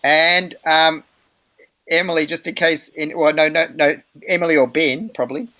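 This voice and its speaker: Australian male host, chatty, animated storyteller, dry close sound. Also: a little high, moderate pace, no echo. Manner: chatty, animated, many fillers, acts out quoted voices. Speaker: meeting host. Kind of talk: casual storytelling in an online meeting.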